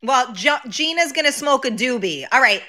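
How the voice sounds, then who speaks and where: Woman, co-host, high voice, bright tone, joking, casual chat. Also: expressive, moderate pace. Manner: joking, laughs often.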